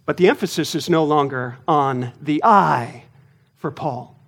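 A male pastor preaching a sermon to his congregation in a deliberate, emphatic way, pausing and stressing his words. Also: on the high side, fairly bright tone, slightly rough. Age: adult, married.

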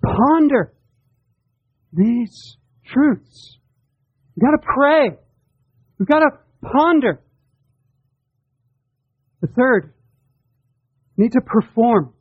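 A man's voice: extremely high pitch, big pitch swings, extremely slow, long pauses, husky, no room sound. A man preaching a sermon, earnest and emphatic, often repeating his words as he presses a point. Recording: dull, dry lo-fi sound.

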